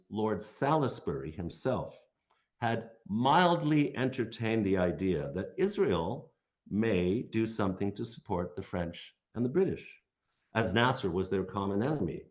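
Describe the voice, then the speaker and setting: Low-voiced man giving a dry lecture. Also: big pitch swings, unhurried, darkish tone, highs cut off. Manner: dry sardonic asides. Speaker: guest lecturer. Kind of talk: read history lecture.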